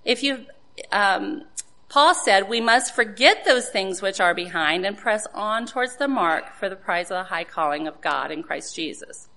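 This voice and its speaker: Woman, devotional speaker, earnest sermon delivery, bright tone, middle pitch. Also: animated, measured pace, a little hiss or hum. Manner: earnest, preaching with rhetorical questions and scripture citations.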